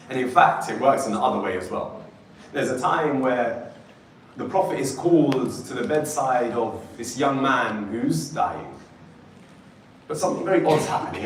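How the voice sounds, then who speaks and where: A man preaches to a youth gathering, retelling old stories and turning often to speak straight to his young listeners. His voice sits at an ordinary middle pitch. It rings through a very echoey hall, picked up from some distance with faint background noise. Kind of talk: storytelling sermon.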